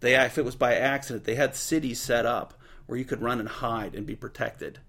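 A man giving a casual Bible teaching, retelling scripture in relaxed everyday slang. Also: mid-range voice, brisk.

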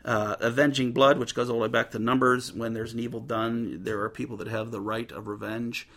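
A man giving a casual Bible teaching, retelling scripture in relaxed everyday slang. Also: medium pitch, fairly quick.

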